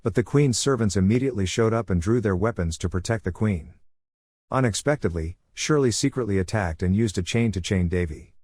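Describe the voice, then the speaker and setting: Man, low-pitched, recap narrator, flat even reading, dry close recording. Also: a little fast, slightly rough, no echo. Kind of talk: scripted story narration.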